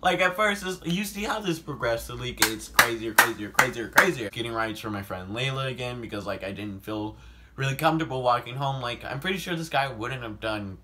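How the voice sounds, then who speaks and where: A young man telling a personal story in a casual vlog. He talks animatedly, swears a lot, fills his speech with "like", and breaks into sudden loud outbursts. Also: medium pitch, lively intonation, fairly quick, heavy background noise. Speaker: vlogger.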